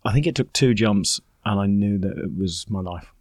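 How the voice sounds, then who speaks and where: A man's voice: lowish voice, normal speed, darkish tone, no echo, clean studio sound. A man in his forties, a podcast guest telling stories in a self-deprecating way. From United Kingdom. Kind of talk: storytelling in conversation.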